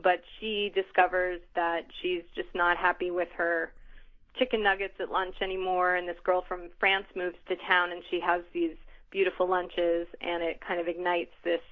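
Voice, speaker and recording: A woman's voice: on the low side, a bit bright, poor audio. A middle-aged woman author being interviewed, speaking thoughtfully with frequent ums and restarts. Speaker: author guest. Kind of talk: conversational interview.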